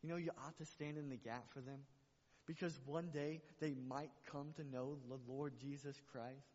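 A man's voice: on the high side, steady tone, normal speed, a little mellow. A man preaching a sermon to his church, passionate and repeating phrases for emphasis. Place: church sanctuary. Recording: muffled recording with long hall reverb.

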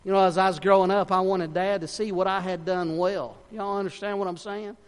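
A man preaching a sermon in a fervent, folksy way, swinging between shouts and hushed tones. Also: high-pitched, steady tone, fairly quick, clean tone. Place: church sanctuary. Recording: long reverb of a church hall.

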